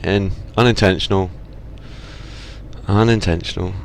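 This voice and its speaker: A man's voice: sits low, steady tone, measured pace. A man with an English accent giving casual, self-mocking commentary while playing a truck driving game and talking back to the traffic. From England. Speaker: let's play gamer. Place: home, at a driving-sim rig.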